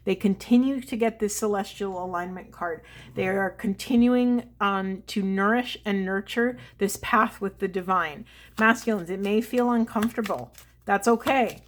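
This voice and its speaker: Woman giving a slow, emotional tarot reading. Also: medium pitch. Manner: slow, meditative, emotional delivery with sighs. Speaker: tarot card reader. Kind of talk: spiritual tarot reading to camera.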